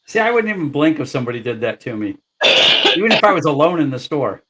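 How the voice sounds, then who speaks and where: Man, slightly high voice, casual livestream chat, dry humor. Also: sing-song, quick pace, fairly bright tone, a little hiss or hum. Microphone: livestream video call.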